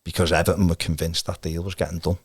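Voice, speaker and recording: Deep-voiced man telling chatty stories. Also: little pitch movement, fast, husky, no room sound. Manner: chatty storyteller, chuckles often. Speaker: podcast guest, fan channel presenter. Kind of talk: casual chat and anecdotes.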